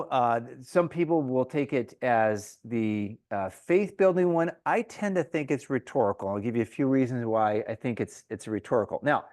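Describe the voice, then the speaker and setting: A Bible teacher leads a conversational Bible study in an easy, informal style, slipping into the voices of the people he quotes, crowds included. His medium-pitched voice has a darkish tone, and the recording is dry and close with little room sound.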